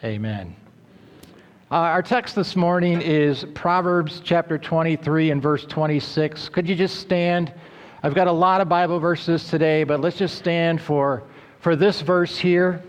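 A man preaching a sermon as pastor, in an earnest, steady manner with a few filler uhs. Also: a little high, measured pace, long reverb tail. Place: church.

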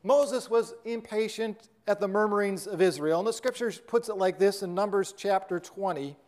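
A preacher with a fairly high voice for a man tells a parable-style story and then preaches from scripture. He speaks earnestly and steadily, addressing a congregation. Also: normal speed, a little mellow. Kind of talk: sermon with story narration.

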